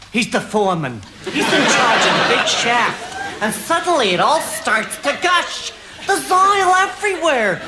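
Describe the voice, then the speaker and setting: A man playing a vain, flirty female film star in a studio sketch, talking in a breathy, gushing put-on voice full of innuendo. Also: very high-pitched, heavy background noise. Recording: loud studio audience laughter. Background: laughing studio audience.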